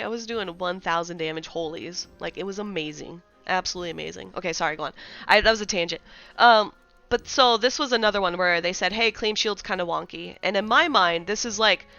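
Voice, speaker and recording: A woman's voice: mid-range voice, pushed and bright, dull audio. A woman streaming live, chatting casually about game updates and greeting viewers in chat.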